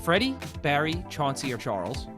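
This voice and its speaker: A man's voice: on the high side, sing-song, moderate pace, music in the background. A man co-hosting a podcast, trading crude jokes in casual banter. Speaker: podcast co-host. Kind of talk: casual chat.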